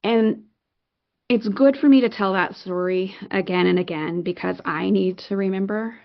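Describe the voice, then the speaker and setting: A middle-aged woman, a podcast guest, telling a personal story in an animated, excitable way with many fillers and restarts. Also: mid-range voice, moderate pace, creaky, lo-fi sound. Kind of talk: conversational storytelling.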